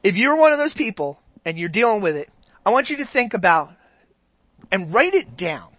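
An animated preacher delivering a sermon, with a bright, forceful voice that swings widely up and down in pitch. The delivery is conversational and hammers points home by repeating phrases. The sound is close and dry. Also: moderate pace, dry recording.

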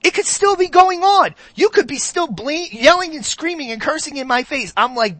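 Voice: high voice, animated, moderate pace, few pauses, a bit bright, no room sound. Preacher, sermon, conversational, repeats phrases for emphasis, dry close sound.

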